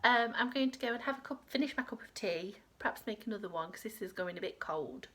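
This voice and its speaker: A woman's voice: medium pitch, lively intonation, fast talker, a bit bright. A woman hosting a crochet podcast from home, rambling in casual chat with lots of fillers. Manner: rambling, chatty, with many fillers.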